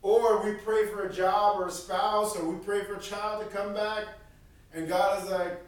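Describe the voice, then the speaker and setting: Animated male preacher, high voice, boomy hall sound. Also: normal speed. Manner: animated, acts out voices of God and prophets. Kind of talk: sermon. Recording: echoey room from far off.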